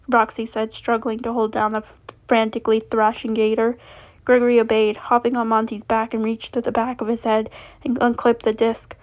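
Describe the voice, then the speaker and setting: A woman reading a fan fiction story aloud, steady, with frequent slips and restarts. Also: a little high, moderate pace.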